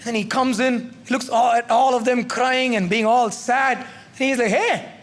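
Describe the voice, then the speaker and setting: High-pitched man, stand-up storyteller; lively delivery, light tag questions. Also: normal speed. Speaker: stand-up comedian. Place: comedy club stage with live audience.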